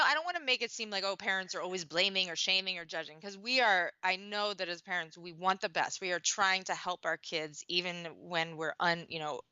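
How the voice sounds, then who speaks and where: Bright-voiced woman coach, dull lo-fi audio. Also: on the low side, clean tone, dry recording. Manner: earnest, talkative, many "you know" fillers and restarts. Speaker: parenting coach. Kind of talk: conversational interview answer.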